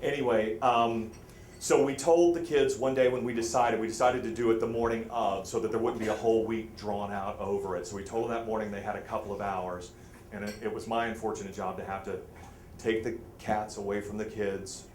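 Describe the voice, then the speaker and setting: A man telling a funny story live to an audience, self-mocking and animated, his voice jumping high when he gets excited. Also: a little hiss or hum. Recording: roomy hall with faint ambience.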